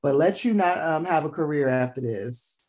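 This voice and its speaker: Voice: medium pitch, lively intonation, normal speed, a little mellow. A co-host of a casual gossip podcast, giving blunt, opinionated commentary.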